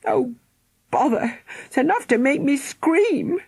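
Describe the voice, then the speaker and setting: A woman's voice: high voice, big pitch swings, slow, darkish tone, no echo, voice pushed up, exaggerated voice. A woman reading an audiobook, voicing a spirited young girl who fusses over her little brother with exclamations and coaxing. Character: spirited young girl, bossy big sister. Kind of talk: audiobook character voice.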